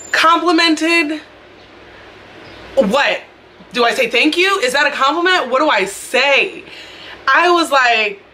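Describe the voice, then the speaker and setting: A young woman vlogger telling a story in a chatty, expressive way, talking straight to her viewers and recording on her phone. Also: a little high, a little hiss or hum. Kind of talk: casual storytime vlog. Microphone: phone camera.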